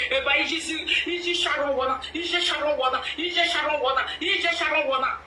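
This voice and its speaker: Nigerian woman, high bright voice, emphatic pidgin commentary, echoey room heard from a distance. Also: slight background noise.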